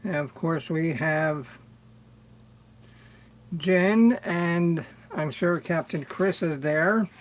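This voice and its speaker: A middle-aged man hosting a music livestream, chatting slowly and rambling as he greets viewers by name. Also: on the high side. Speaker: livestream music show host. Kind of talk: casual livestream chat with viewers.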